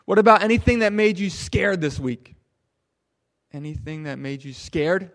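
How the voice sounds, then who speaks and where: A man leading a children's sermon, asking the kids questions and swinging from loud emphasis down to a near hush. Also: high-pitched, normal speed. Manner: animated, drops to a hush for emphasis. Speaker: pastor.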